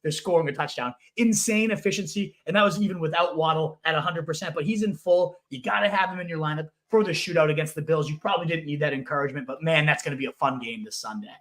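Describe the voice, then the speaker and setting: A young man co-hosting a fantasy football show, talking in casual, emphatic analysis with bursts of excitement. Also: fairly high pitch, fast, hardly any pauses. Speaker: fantasy football podcast co-host. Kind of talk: casual sports analysis chat.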